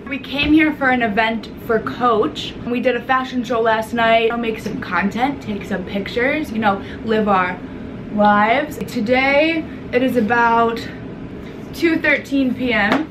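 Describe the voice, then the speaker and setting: A woman's voice: a little high, unhurried, background noise. A young woman vlogging casually from a hotel room, bubbly and goofy, talking to herself into a handheld camera.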